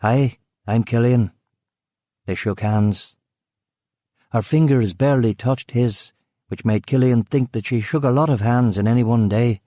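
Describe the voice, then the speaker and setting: A man reading a crime thriller audiobook in measured scripted narration. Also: mid-range voice, warm tone, no echo, studio quality.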